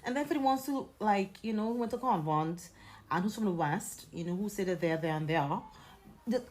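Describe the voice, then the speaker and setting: A woman's voice: medium pitch, fairly quick, a little mellow, poor audio. A woman from Trinidad with a Trinidadian accent, chatting casually and animatedly in a social media clip.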